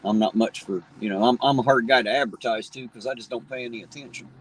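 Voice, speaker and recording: A man's voice: mid-range voice, fairly even intonation, quick pace, slight background noise, rough recording. A middle-aged man with a slight Southern drawl from where Ohio, Kentucky and West Virginia meet, chatting in a folksy, rambling way with viewers on a live stream. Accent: Appalachian Ohio Valley, slight Southern drawl. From tri-state area where Ohio, Kentucky and West Virginia meet. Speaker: livestream host. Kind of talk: casual live-stream chat, reading viewer comments.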